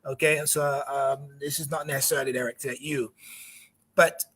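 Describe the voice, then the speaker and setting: A man in his fifties speaking as a guest on a live talk show, asking probing questions in a measured, frank way. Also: mid-range voice, little pitch movement, a bit bright, slightly rough.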